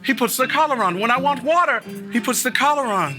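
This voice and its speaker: A man voicing a well-fed, condescending male dog in a told fable, speaking lower, slower and with a superior air. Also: expressive, sharp tone, soft background music, full character voice. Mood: explaining.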